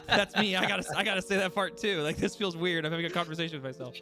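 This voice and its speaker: The voice sits high and sounds bright and forceful, with fairly even intonation and a fast delivery. It belongs to a young man who runs a tabletop game, chatting casually between sessions as he rambles, restarts, and laughs at himself. Music runs behind him.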